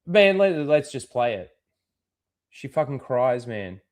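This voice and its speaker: A man's voice: medium pitch, big pitch swings, slow, background noise. Profane ranting male commentator. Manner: profane, scornful, rising to angry outbursts. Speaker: commentary channel host.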